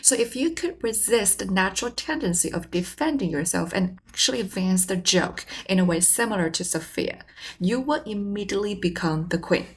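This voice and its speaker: A woman hosting a communication channel, giving measured, explanatory scripted narration. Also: mid-range voice, lively intonation, husky.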